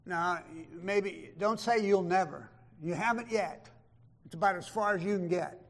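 A man preaching a sermon, emphatic, swinging from loud declarations to hushed asides and reading scripture in old-style wording. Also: high-pitched, unhurried, vocal fry. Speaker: pastor.

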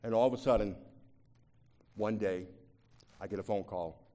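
Impassioned preacher man, quiet to loud. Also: normal speed. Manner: swings from quiet, low confiding talk to loud, high impassioned preaching; repeats words and restarts when moved. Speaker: pastor. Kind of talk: sermon.

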